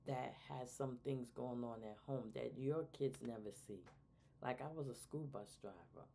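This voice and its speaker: A middle-aged woman, co-host of a talk show, giving casual advice about raising children and acting out quoted talk in lively voices. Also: a bass voice, vocal fry. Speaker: podcast co-host.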